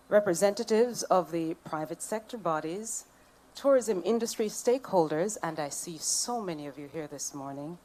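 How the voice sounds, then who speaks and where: A woman's voice: fairly low pitch, darkish tone. A woman with a Jamaican accent, serving as master of ceremonies at a public event. She speaks into a podium microphone, reading out dignitaries and bantering playfully with the audience. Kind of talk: ceremonial emcee address.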